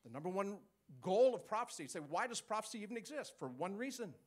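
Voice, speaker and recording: High-voiced man preaching a sermon. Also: quick pace. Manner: animated, teaching with call-and-response and chuckles.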